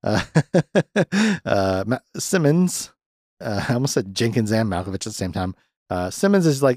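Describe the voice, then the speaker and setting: Young male podcast host, lowish voice, sardonic and profane, dry close mic. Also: very animated, darkish tone, no echo. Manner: rambling, profane, sardonic, mimics characters in quick raised voices. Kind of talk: casual film recap.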